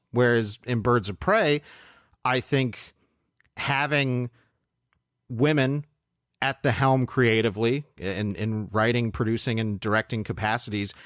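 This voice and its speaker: A man co-hosting a film podcast, reviewing movies in a measured, thoughtful, opinionated way. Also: medium pitch, fairly bright tone, no echo, clean studio sound. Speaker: podcast co-host. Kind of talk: casual film review chat.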